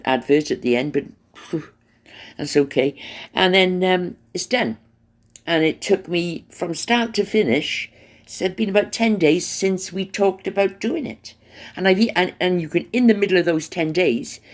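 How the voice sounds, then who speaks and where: Chatty man telling a rambling story. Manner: chatty storytelling, many fillers, sudden pitch jumps. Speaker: radio show host. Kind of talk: casual rambling monologue.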